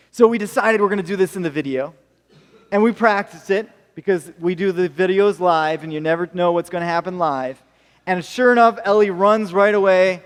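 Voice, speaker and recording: A man's voice: high-pitched, long reverb tail. A male American pastor preaching a sermon, telling stories with jokey asides. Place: church hall.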